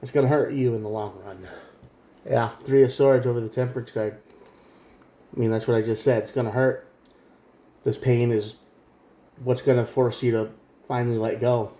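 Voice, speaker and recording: Mellow-voiced male tarot reader, earnest, talks straight to the viewer. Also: medium pitch, fairly even intonation, moderate pace, pauses often, reverberant. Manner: earnest, direct, repeats himself, mimics quoted voices. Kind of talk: casual spoken tarot reading.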